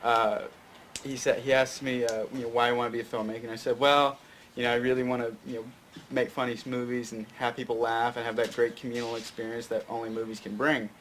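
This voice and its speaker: A man's voice: medium pitch, flat delivery, fast, a bit bright, a little hiss or hum. A young man from Tennessee telling a long story as a guest on a talk show, full of fillers and restarts. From Fayette County, Tennessee. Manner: rambling, many fillers and restarts. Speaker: guest filmmaker. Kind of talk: casual storytelling interview.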